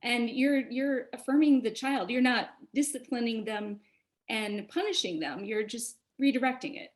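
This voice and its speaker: A woman's voice: on the high side, normal speed. A woman hosting an interview, affirming and summarizing her guest's point in a conversational way. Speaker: interview host.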